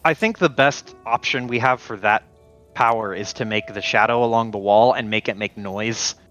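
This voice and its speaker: A man's voice: lowish voice, normal speed, a bit bright, muffled recording, soft background music. A man playing a tabletop game, brainstorming plans and thinking aloud in casual chat.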